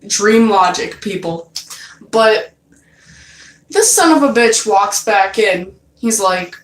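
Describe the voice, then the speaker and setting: A woman's voice: medium pitch, expressive, slow, pauses often. Young woman telling a story far from the mic. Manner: loose and profane, many fillers. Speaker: vlogger. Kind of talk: casual storytelling. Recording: roomy, from a distance off mic.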